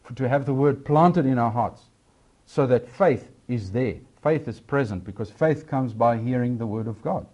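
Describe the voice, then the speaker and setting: A man delivers a sermon at a middle pitch. He swings between raised, emphatic lines and low, quieter asides. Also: moderate pace, husky. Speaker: preacher.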